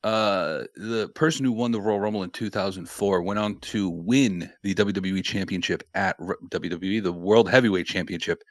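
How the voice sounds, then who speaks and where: A man's voice: deep voice, normal speed, hardly any pauses, no room sound, studio quality. A man co-hosting a podcast in casual, joking, blunt chat. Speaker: podcast co-host.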